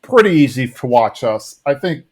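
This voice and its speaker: A man's voice: mid-range voice, big pitch swings, moderate pace, a little mellow, breathy edge. Man casually recapping a cartoon episode. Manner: rambling, acts out lines in funny voices. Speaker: podcast co-host.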